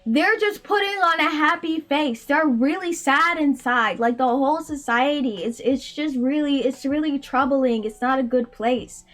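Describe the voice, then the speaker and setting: A man's voice: very high-pitched, moderate pace, hardly any pauses, fairly bright tone. A woman imitating a pushy, opinionated man who lectures her and brushes off every answer with repeated "no, no". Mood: dismissive. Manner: insistent, dismissive, repeats "no, no".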